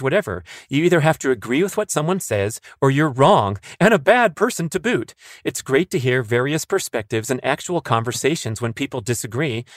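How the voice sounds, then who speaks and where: A man's voice: mid-range voice, dry recording, clean studio sound. A man hosting a podcast, reading listener questions in a casual, upbeat way. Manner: upbeat, animated asides. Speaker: podcast host.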